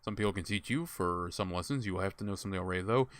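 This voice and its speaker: A man's voice: sits low, very fast, dry recording. A young man casually commenting while he plays a game, thinking aloud and laughing at himself. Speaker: streamer playing a game.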